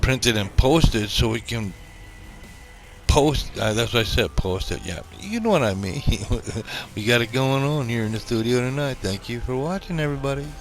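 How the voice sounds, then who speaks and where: A man's voice: mid-range voice, lively intonation, normal speed. A man doing a rambling, jokey, unscripted voice-over of a naval battle game, laughing often. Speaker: gameplay commentator. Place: small home studio. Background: background music.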